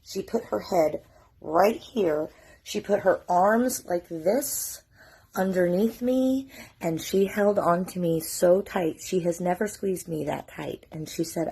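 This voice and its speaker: A middle-aged woman talks straight to the camera in a storytime vlog, her voice low, creaky and husky. She sounds emotional, keeps herself from crying and swears casually. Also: unhurried, a little mellow. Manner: emotional, holding back tears, casual swearing. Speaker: mother telling her family's story.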